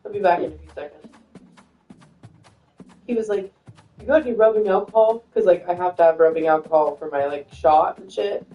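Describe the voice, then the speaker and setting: A woman's voice: low voice, moderate pace, long pauses, faint music behind. A woman chats casually while playing a game, cursing freely and breaking into laughter. Her voice sounds roomy and set back from the microphone. The recording is dull and lo-fi. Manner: chatty, swears freely, laughs often. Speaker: gamer chatting on voice chat. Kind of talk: casual gaming chat. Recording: roomy, distant, dull lo-fi mic.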